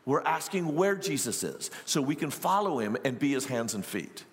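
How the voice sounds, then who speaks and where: A man preaching a sermon as a pastor, telling stories in quick bursts with asides to the congregation. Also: mid-range voice, very animated, in a large hall.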